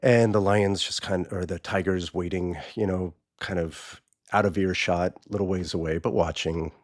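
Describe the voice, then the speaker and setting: A man with a low voice hosts a podcast and tells a parable in a loose, casual way, restarting his phrases as he goes. The recording is dry and close, with no room echo. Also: fairly even intonation, moderate pace. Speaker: podcast host. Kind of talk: casual storytelling.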